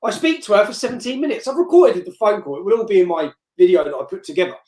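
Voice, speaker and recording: A man telling a story as an interview guest on a live stream, blunt and forceful, repeating himself and tagging lines with "yeah?". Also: high-pitched, expressive, quick pace. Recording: roomy echo.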